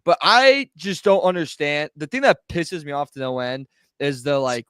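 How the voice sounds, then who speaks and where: A podcast co-host with a somewhat high, smooth and clean voice who jumps into the conversation to make his point. He talks casually, with a dry, close sound. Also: a bit bright, dry recording. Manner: chatty, quick to chime in and argue his side. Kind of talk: casual chat.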